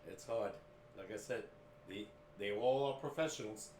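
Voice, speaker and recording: A man's voice: fairly low pitch, moderate pace, a little mellow, reverberant, a little hiss or hum. A man co-hosting a sports podcast, talking steadily and plainly, reeling off team records in casual chat. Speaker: podcast co-host, father of the other host.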